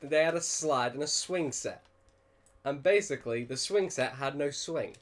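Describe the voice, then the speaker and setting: A man's voice: on the high side, moderate pace. A young man telling a funny childhood anecdote with lots of laughter. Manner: animated storytelling with frequent laughter. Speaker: let's play host. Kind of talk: casual anecdote.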